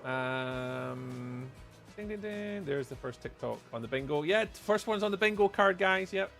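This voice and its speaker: A man's voice: medium pitch, fairly even intonation, moderate pace, vocal fry, fairly bright tone, soft background music. A man with a Scottish accent giving chatty live gameplay commentary as a streamer, answering viewers' chat messages aloud. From Scotland. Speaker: livestreamer.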